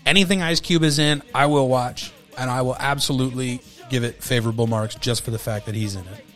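Soft music plays behind a medium-pitched, slightly bright voice that's brisk and fairly even in intonation. A podcast host in his thirties chats casually about a movie he loves, rambling, swearing freely, and using lots of fillers.

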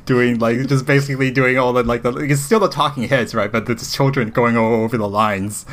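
A man co-hosting a podcast in casual chat. He talks excitably and rambles, with frequent restarts. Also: medium pitch, normal speed. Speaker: podcast co-host.

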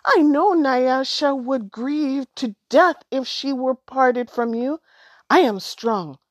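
A woman's voice: on the high side, brisk, dry recording, clean studio sound, voice pushed up, close to an everyday voice. A woman voicing a proud, greedy young woman who is scornful and imperious in a storybook. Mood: sweet-false.

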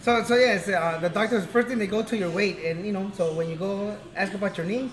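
A man's voice: high-pitched, fairly quick. Laid-back man saying bro, roomy echo. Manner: laid-back, says "bro" and "you know" a lot. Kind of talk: casual chat.

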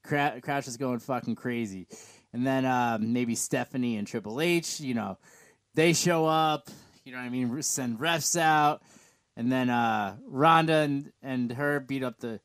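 A man's voice: medium pitch, measured pace, fairly bright tone, smooth, no echo. A man co-hosting a casual podcast, rambling with many restarts and some swearing. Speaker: podcast co-host. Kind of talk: casual wrestling chat.

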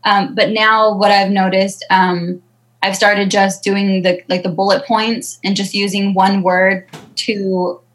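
A woman's voice: mid-range voice, little pitch movement, takes it slowly, poor audio. A woman comedian answering interview questions in a chatty, self-deprecating way, with many fillers. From Southern California. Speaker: stand-up comedian guest.

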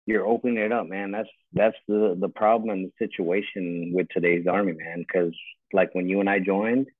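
A man's voice: low voice, steady tone, moderate pace, no room sound. A man in his forties, a retired army first sergeant, ranting bluntly and with plenty of swearing in casual chat over a call from home. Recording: tinny phone-like call line.

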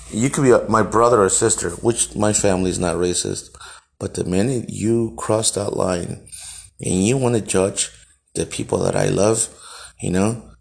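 A podcast host from El Salvador, with a lowish, creaky voice, tells a personal story bluntly and profanely, frequently restarting his sentences.

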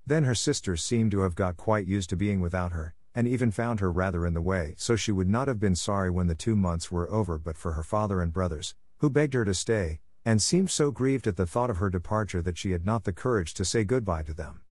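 A man's voice: low-pitched, brisk, few pauses, a little mellow, no room sound. A man steadily reading a fairy tale aloud as narrator. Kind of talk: storybook read-aloud.

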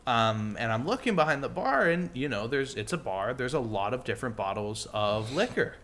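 A young man co-hosts a podcast in casual, rambling chat, sprinkling in plenty of "like" and "you know." His medium-pitched voice is sing-song and a bit bright, at normal speed.

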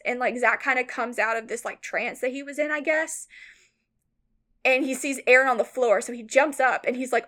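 A woman co-hosting a podcast, casually retelling a story with lots of "like" fillers, rambling and animated. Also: on the high side, normal speed. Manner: animated, mock-outraged retelling. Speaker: podcast co-host.

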